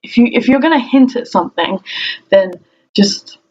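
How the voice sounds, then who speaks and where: A chatty young woman in a casual home vlog, her voice sitting a little high, and she laughs often as she acts out other people's lines. The recording is dull and lo-fi, with a faint hiss underneath. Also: animated, moderate pace, a little mellow. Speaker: vlogger. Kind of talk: casual chat to camera. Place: room at home. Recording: dull lo-fi audio with faint noise.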